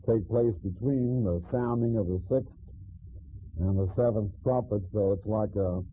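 A man with a husky voice teaches through scripture verse by verse, steady and measured, pausing often on "uh". The recording is thin and phone-like, as if from an old tape. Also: lowish voice. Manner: measured teaching with frequent "uh" pauses. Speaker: Bible teacher. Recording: tinny phone-like sound.

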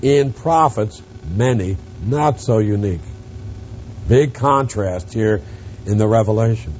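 A man preaching an expository Bible lesson, emphatic, rising on stressed words and dropping quiet on asides. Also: fairly low pitch, a little slow, dull audio, a little hiss or hum. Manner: emphatic, swings from loud stresses to quiet drops.

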